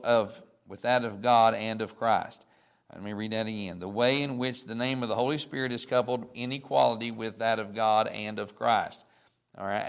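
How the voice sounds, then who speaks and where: A man teaching a Bible study lesson, reading verses slowly and deliberately, then explaining in a casual way with fillers. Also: mid-range voice, a bit bright.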